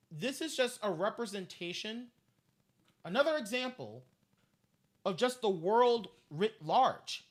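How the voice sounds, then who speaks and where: A man's voice: high voice, a bit bright. A man ranting on a live stream, heated and profane, repeating himself as he vents.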